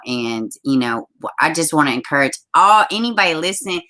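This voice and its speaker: A young adult woman hosting a casual live-stream chat, blunt and animated, swearing freely. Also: low voice, fairly quick. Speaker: channel host.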